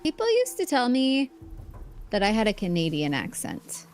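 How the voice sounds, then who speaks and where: A woman's voice: mid-range voice, huge pitch swings, normal speed, darkish tone, faint music behind. A young woman streaming a video game, chatting casually and playfully and laughing often. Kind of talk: casual live-stream chat while gaming.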